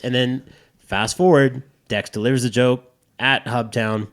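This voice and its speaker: A man's voice: medium pitch, normal speed, a bit bright. A man chatting casually as a podcast host, rambling and swearing freely with lots of restarts. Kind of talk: casual chat.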